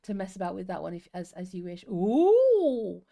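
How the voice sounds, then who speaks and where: A woman's voice: lowish voice, level tone, quick pace, creaky, warm tone. A woman in her fifties from England, co-hosting a livestream in a chatty, rambling way and often laughing, who reads stories aloud. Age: 50s. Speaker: co-host reading stories. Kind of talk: casual livestream chat and story reading.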